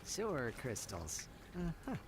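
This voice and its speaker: A wry young hero, middle-pitched with a very animated, expressive delivery. His casual lines sit over game audio with loud noise. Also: slow. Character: young male hero mechanic.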